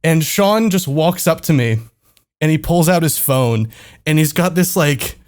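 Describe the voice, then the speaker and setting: A young man with a somewhat high voice tells a rambling story in casual podcast chat. He laughs along with himself and swears often, backtracking and correcting details as he goes. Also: animated, a little slow. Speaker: podcast co-host.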